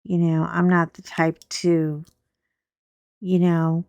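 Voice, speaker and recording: A middle-aged woman, hoarse while recovering from laryngitis, chatting casually and rambling with wry humor as she hosts her coloring channel from a chair at home. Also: fairly low pitch, monotone, slow, a little mellow, no echo. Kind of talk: casual chat.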